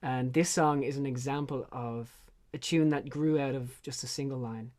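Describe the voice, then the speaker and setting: An Irish man, a songwriter guest, casually and effusively introducing his song with animated storytelling. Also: mid-range voice, moderate pace. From Ireland.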